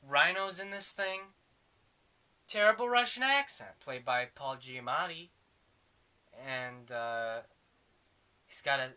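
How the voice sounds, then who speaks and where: A man's voice: medium pitch, pushed and bright. A man giving a sarcastic, rambling comedic movie review.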